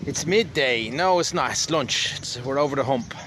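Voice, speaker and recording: A man's voice: medium pitch, expressive, moderate pace, a bit bright, a little hiss or hum. A man from Ireland with an Irish accent, talking casually to camera outdoors in a wry, rambling way. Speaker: vlogger. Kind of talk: casual spoken monologue.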